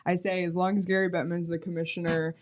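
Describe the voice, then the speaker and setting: A woman hosting a casual sports podcast and reading out viewer messages, bubbly and quick to laugh. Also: lowish voice, level tone. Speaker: podcast host reading super chats.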